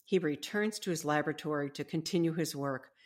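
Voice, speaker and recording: A woman, an author and podcast host, gently explaining ideas and reading aloud from her own book in a deliberate, teacherly way. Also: low-pitched.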